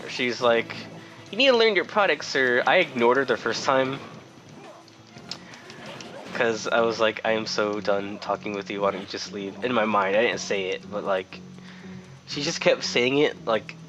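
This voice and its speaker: A young man talks over his gameplay in a loose, meandering way, cursing often and sounding fed up. His voice sits at an ordinary middle pitch. Faint game music plays underneath. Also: bright, forceful tone. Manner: rambling, profane, exasperated. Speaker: gameplay commentator. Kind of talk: casual let's-play storytelling.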